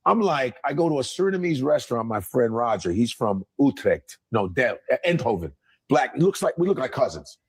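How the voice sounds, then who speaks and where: A man's voice: medium pitch, very animated, fairly quick, breathy edge, no echo, clean studio sound. A man who works as a comedian, telling a comic story on a podcast and repeating his punchlines.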